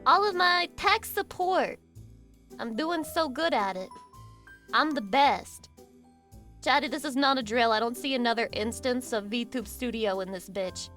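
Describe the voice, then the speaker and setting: A young adult woman, a VTuber streamer, chatting casually with her chat in an excitable, crude, self-mocking way. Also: a little high, normal speed, soft background music.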